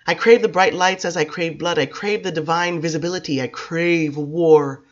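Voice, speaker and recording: A woman's voice: on the low side, steady tone, moderate pace, muffled recording, natural voice. A woman voicing a defiant, theatrical male vampire. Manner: grand, theatrical declarations. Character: passionate defiant male vampire rock star.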